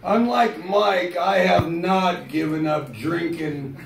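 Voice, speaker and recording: A man in his fifties doing a stand-up comedy set in a club, telling stories slowly and deadpan with plenty of swearing, rising to shouted punchlines. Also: high voice, gravelly, noisy background. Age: 50s. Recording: roomy club sound from a distance. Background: audience laughter.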